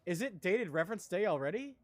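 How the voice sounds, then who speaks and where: A man's voice: high-pitched, very animated, fast talker. A man streaming a video game, chatting casually as he plays, rambling and laughing often. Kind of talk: casual gameplay chat.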